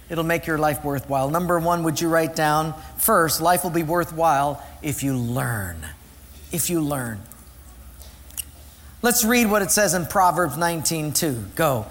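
A man preaching a sermon as pastor, reading scripture slowly and deliberately and joking with the congregation. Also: on the high side, a bit bright, long reverb tail. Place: church sanctuary.

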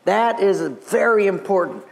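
A man's voice: high voice, sing-song, a little slow, vocal fry. A man in his seventies preaching a sermon to his congregation, with a humorous, chuckling storytelling manner. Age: 70s. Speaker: pastor. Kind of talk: sermon with jokes. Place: church before a live congregation. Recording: live church audience noise.

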